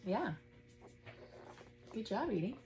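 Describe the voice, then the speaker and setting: A woman in her thirties teaching a gentle yoga class at home, guiding breaths patiently and encouragingly. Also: a little high, very animated, takes it slowly, music in the background.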